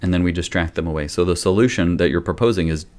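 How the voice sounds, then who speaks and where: A man hosting a live-streamed parenting Q&A, explaining discipline in a calm, gentle way. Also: sits low, quick pace. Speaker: pediatrician and parenting host. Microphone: webcam or phone, live stream.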